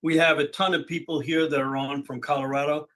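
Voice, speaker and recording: A man's voice: a little high, little pitch movement, brisk, a bit bright, poor audio. A man hosting a conference call in a loose, conversational way with some hesitation. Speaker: call host.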